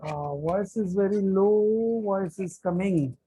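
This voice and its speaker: A man with an Indian accent teaching a live online class. He talks deliberately, repeats key terms and checks whether students can hear him. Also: sits high, noisy background. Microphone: computer mic on an online call.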